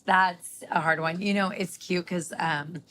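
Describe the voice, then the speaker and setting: A woman's voice: lowish voice, steady tone, measured pace, a crowd in the background. A woman guest on a podcast, chatting casually with many fillers. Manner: chatty, filler-heavy, laughs easily. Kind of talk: casual chat.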